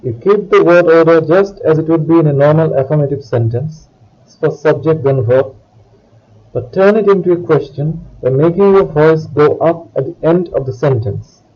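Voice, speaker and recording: A French teacher gives a scripted language lesson, explaining each point and reading French words and phrases aloud for the listener to repeat. His voice is a little high and husky, at a moderate pace, and the recording sounds muffled.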